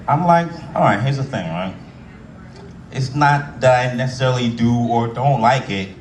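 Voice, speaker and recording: A man doing profane stand-up storytelling, loud and animated, acting out voices as he tells an anecdote. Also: mid-range voice, moderate pace, roomy sound, far from the mic, a little hiss or hum. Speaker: stand-up comedian.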